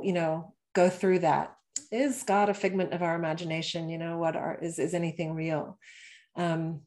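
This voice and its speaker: Musing woman host, lower voice. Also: mellow. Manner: musing, searching for words. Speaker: podcast host. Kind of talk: reflective interview talk.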